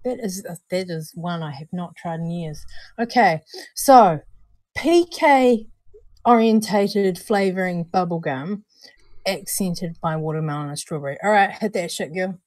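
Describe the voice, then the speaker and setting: A woman's voice: lowish voice, a little slow, darkish tone, no echo. A New Zealand woman co-hosting a casual livestream, chatty and bubbly, calling viewers darling and honey. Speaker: vape show co-host.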